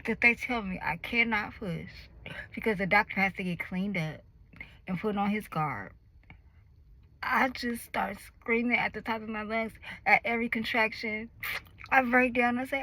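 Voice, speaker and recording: A woman in her thirties telling a personal story in a lively, animated way, acting out the voices and cries of the moment. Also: medium pitch, normal speed, dry recording, low-quality recording. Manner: animated, acts out her own screams and quoted voices. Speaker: vlogger.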